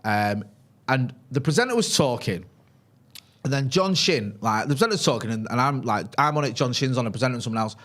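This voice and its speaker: A man's voice: medium pitch, lively intonation, fairly quick, fairly bright tone. Chatty man hosting a stream. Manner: chatty storyteller, tags lines with "right?". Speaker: co-host of a fan channel. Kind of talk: casual live-stream chat.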